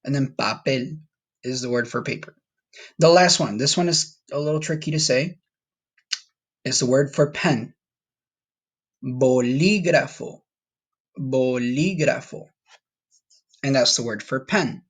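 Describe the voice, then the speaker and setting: A man's voice: medium pitch, normal speed, a bit bright, husky. A man from Colombia teaching a Spanish vocabulary lesson in a casual, patient way, repeating words for students to practice. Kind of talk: recorded classroom lesson.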